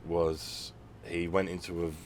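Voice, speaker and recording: Deep-voiced man, rambling podcast host. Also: level tone, measured pace, a little hiss or hum. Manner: rambling, many restarts and fillers. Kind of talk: casual conversation.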